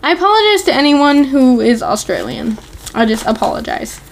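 A woman's voice: sits high, sing-song, moderate pace, gravelly, a little hiss or hum. A woman chatting casually as a podcast co-host, speaking with lots of "like" and "um" and an easy giggle. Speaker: podcast co-host recapping a TV episode. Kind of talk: casual chat.

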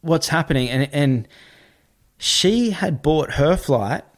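A man telling a story in casual talk, animated and swearing, acting out what other people said. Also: a little high, slow.

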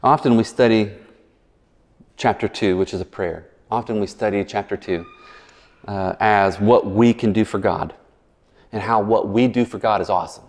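A man's voice: on the low side, normal speed, pauses often, darkish tone. A man preaching a sermon as a pastor, chatty and verbose, full of asides and jokes. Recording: long reverb in a large hall.

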